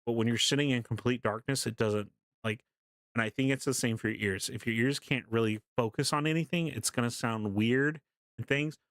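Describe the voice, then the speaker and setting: A man's voice: mid-range voice, brisk, no echo, studio quality. Laughing, swearing young streamer man. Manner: animated and swearing, laughing often while telling the story. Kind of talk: casual storytelling to a live stream chat.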